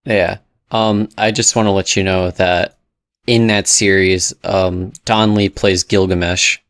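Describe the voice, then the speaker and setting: Young male co-host, low voice, wry and relaxed, dry close sound. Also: measured pace, no echo. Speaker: podcast co-host. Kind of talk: casual chat.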